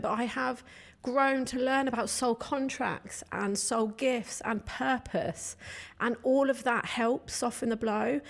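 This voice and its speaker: A woman with a high, bright-pitched voice speaks through tears, crying as she answers. She talks in a heartfelt, open way, with sudden surges of feeling. It is a live question-and-answer session at a retreat. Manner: heartfelt, open, quick bursts of emotion. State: tearful, crying while talking. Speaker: retreat co-host. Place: retreat room with an audience.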